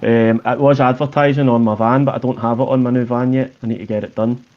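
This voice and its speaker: A man's voice: medium pitch, steady tone, fast talker, dull audio. A Scottish man, a tradesman guest, chatting casually in a plain-spoken way with some restarts. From Scotland. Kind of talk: casual chat.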